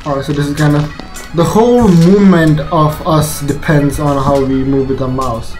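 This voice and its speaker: A man giving rambling, excitable commentary over his gameplay. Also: on the high side, soft background music, low-quality recording. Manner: excitable, rambling, fast bursts. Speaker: gaming YouTuber. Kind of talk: let's play commentary.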